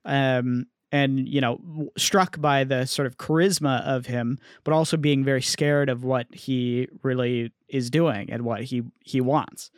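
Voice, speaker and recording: A man's voice: medium pitch, steady tone, measured pace, few pauses, clean tone, no echo, clean studio sound. A man in casual chat, thinking aloud in a hesitant, reflective way. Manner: thoughtful, hesitant, many fillers.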